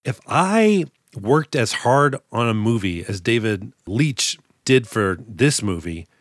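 Guy cohosting a podcast, jokey and self-deprecating, mid pitch, dead dry sound. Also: sing-song, slow, no room sound. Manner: joking, self-deprecating storyteller. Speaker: podcast co-host. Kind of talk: casual chat.

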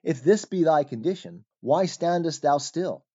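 A man reading the part of a grave guide who counsels calmly in old-fashioned speech. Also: fairly high pitch, husky, muffled recording. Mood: counselling. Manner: measured, counselling, archaic speech.

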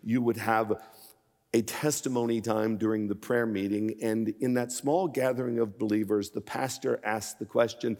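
A man in his sixties preaching a sermon as guest speaker, shifting from measured storytelling to impassioned, emphatic appeals. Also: medium pitch, steady tone, darkish tone, in a large hall. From Pennsylvania. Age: 60s.

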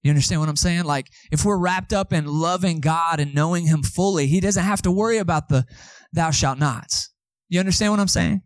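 A man's voice: sits high, fast, few pauses, no echo. A man preaching a sermon as pastor, conversational, with asides to the congregation.

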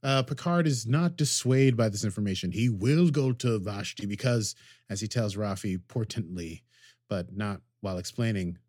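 A man's voice: lowish voice, moderate pace, a little mellow, no room sound, clean studio sound. A man casually recapping a TV episode as a podcast co-host, rambling and joking as he acts out the characters' lines.

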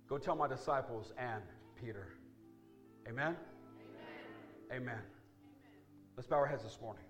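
A male pastor delivers a sermon with an altar call in a church sanctuary, soft music playing behind him. He preaches emphatically, building to rising peaks and then dropping into soft, low appeals.

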